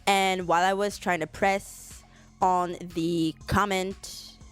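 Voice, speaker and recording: A woman's voice: lowish voice, little pitch movement, slow pace, clean tone, soft background music. A woman hosting a podcast, telling a story in a rambling, profane, casual way. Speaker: podcast host. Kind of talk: casual chat.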